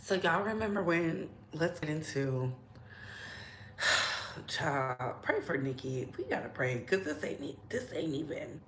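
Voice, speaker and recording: A woman's voice: sits low, very animated, a little slow, a bit bright, echoey room, slight background noise. A young adult woman hosting casual celebrity gossip commentary, repeating herself and dropping into whispers. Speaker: gossip show host.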